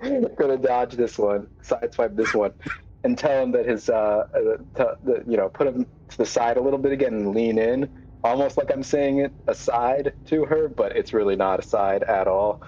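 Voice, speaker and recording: A man playing in a tabletop role-play, talking haltingly with many restarts. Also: mid-range voice, dark tone, muffled recording. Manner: halting, full of restarts and laughs. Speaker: player.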